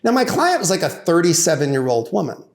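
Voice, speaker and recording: A middle-aged man, a divorce attorney and podcast guest, telling an animated courtroom anecdote in casual talk, his voice rising for the punchlines. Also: fairly quick, gravelly. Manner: lively storyteller, rises in pitch and volume for punchlines; conversational, many "like" and "you know" fillers.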